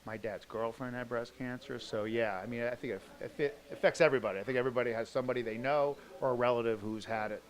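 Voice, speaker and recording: A male comedian answering interview questions backstage at a theater in a relaxed, conversational way. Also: medium pitch, fast talker, few pauses, low-quality recording. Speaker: comedian guest.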